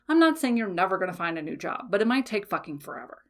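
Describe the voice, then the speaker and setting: A woman's voice: medium pitch, animated, a little fast, few pauses. A woman hosting a solo podcast, talking frankly and casually, swearing freely and often checking in with "okay?". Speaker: podcast host.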